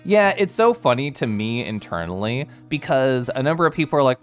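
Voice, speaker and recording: Talking briskly with barely any pauses, a man with a medium-pitched, very animated voice chats on a live stream over faint background music. He reads viewer messages casually, greeting people by name, bubbly and giggly.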